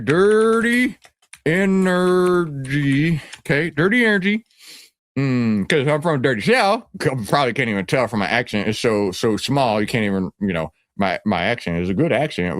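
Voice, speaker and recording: A man's voice: medium pitch, dry recording, pitched below the performer's own voice, lightly acted. A man playing a brash, boastful stock-hype guru who talks in swaggering slang and rambles. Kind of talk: comedic character skit.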